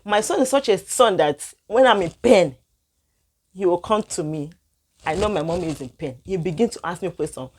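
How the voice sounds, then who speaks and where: A young woman vlogger telling a personal story to her viewers in non-standard English, emotional and animated. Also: fairly low pitch, moderate pace, breathy edge. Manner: animated, emotional retelling with frequent laughs and sighs.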